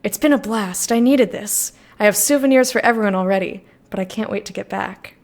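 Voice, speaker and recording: A woman's voice: mid-range voice, fairly quick, pitched below the performer's own voice, lightly acted. A woman voicing a friendly young male musician in a visual novel game, easygoing and cheerful.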